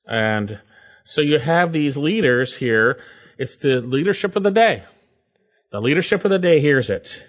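A man's voice: expressive, measured pace. Man preaching a sermon, lo-fi. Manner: preaching with scripture readings, emphatic swings in pitch and loudness. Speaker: pastor.

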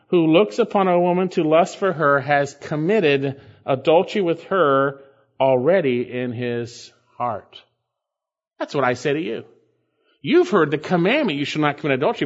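A man's voice: on the high side, lively intonation, normal speed. A man preaching an expository sermon as pastor, emphatic and repeating key phrases for stress. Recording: dull lo-fi sermon recording.

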